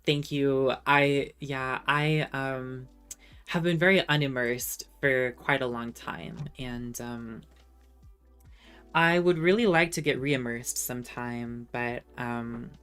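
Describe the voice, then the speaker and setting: A young woman streamer from the West Coast of North America, chatting casually with her viewers in a soft voice full of "um" pauses. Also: very deep voice, clean tone. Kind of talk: casual livestream chat. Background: faint background music.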